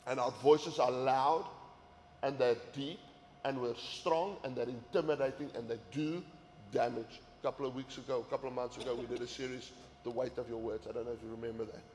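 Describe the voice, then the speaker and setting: A man's voice: medium pitch, fairly even intonation, a little fast, darkish tone, a little hiss or hum. A man giving an earnest sermon-style talk to men, often repeating words as he pushes a point. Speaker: men's ministry teacher. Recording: echoey hall with faint ambience.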